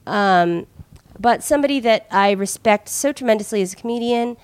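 A woman's voice: fairly high pitch, moderate pace, clean tone, no room sound. Chatty woman with a dry sound. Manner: rambling, many "like"s and laughs. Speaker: comedian guest. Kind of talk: casual podcast chat.

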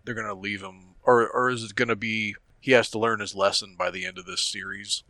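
A man with a low voice and a bright, forceful edge co-hosts a podcast in easy conversation, chiming in with quick agreements. The sound is close and dry. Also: steady tone, dry recording. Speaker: podcast co-host. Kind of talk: casual chat.

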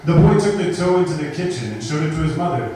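A man's voice: on the high side, animated, quick pace, dark tone. Man reading a ghost story, echoey. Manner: dramatic groaning voices for the monster. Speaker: host of a spoken word event. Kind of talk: reading a scary story aloud. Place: live event space. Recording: echoey room from far off with noise.

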